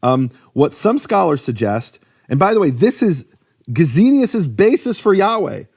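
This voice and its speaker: A man's voice: a little high, measured pace, vocal fry, slightly rough. Talkative man explaining with restarts. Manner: lively, many fillers and restarts. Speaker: Bible teacher. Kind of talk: casual explanatory talk.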